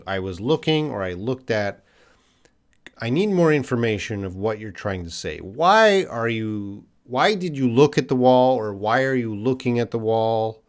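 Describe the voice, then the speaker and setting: A man with a Canadian accent, an English teacher, answering viewers' questions in a casual live stream, thinking aloud with fillers and restarts. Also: medium pitch.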